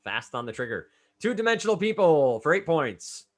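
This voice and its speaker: Lively quizmaster man reading clues. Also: a little high. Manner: brisk, chatty, calls on players by name. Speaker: trivia quizmaster. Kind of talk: reading trivia clues and scoring answers.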